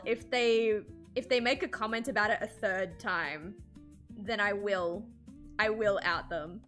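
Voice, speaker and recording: A woman artist chatting casually on a livestream while drawing, animated and swearing freely, with frequent laughs. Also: medium pitch, a little slow, faint music behind. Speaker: streamer and artist.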